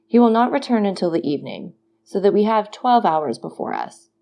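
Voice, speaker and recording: A woman voicing a cautious older male prisoner who speaks in a guarded, measured way. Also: medium pitch, very animated, creaky, mellow, a little hiss or hum.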